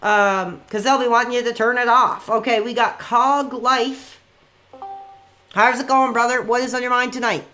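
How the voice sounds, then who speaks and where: A man hosting a call-in livestream, talking in an excitable way, repeating himself and swapping in mild stand-in swears. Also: very high-pitched, moderate pace, soft background music. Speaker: livestream host taking calls. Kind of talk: hyped call-in livestream chat.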